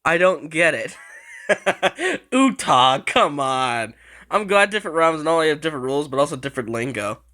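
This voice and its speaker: A man chats through clips in a casual reaction video. His voice is bright and sits a little on the high side. He laughs often and swears freely. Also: very animated, moderate pace.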